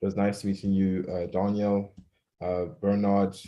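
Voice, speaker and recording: A man's voice: fairly low pitch, completely flat delivery, unhurried, dull audio. A man as a guest in a casual livestream chat, easygoing and polite.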